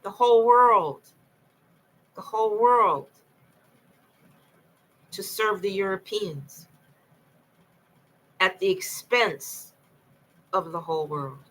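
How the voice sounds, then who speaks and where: Late at night, a woman talks alone to camera, telling her own story in an impassioned, rambling way and often repeating herself. Her mid-range voice is a bit bright, slow, and full of pauses, on a low-quality recording.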